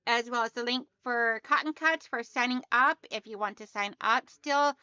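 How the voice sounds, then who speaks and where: A woman's voice: fairly high pitch, moderate pace, pushed and bright, clear, resonant tone, no room sound, highs cut off. A woman hosting a sewing livestream, chatting casually and greeting her viewers one by one by name.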